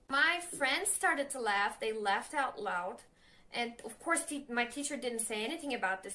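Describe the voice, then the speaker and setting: A young woman with a Turkish accent, a Turkish native speaker, chatting nervously in a casual advice vlog, halting with many fillers and self-corrections. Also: high voice, bright, forceful tone. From Turkey. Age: young adult. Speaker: language learner vlogger.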